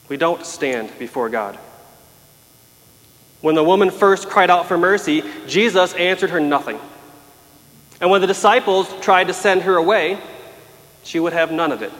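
A man's voice: high-pitched, fairly bright tone. Male preacher, emphatic sermon delivery, voice ringing in a big reverberant hall. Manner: emphatic, dramatic voicing of pleas.

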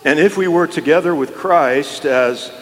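A male pastor delivering a sermon in a church, with measured pauses and rising emphasis. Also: a little high. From New Mexico. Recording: long reverb of a hall.

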